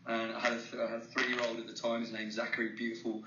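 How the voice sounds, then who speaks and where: A man's voice: medium pitch, completely flat delivery. A man from England with an English accent, a guest on a radio interview, speaking earnestly and openly. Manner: earnest, friendly, talks fast. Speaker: guest, psychologist and author. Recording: distant, echoey, muffled, noisy call.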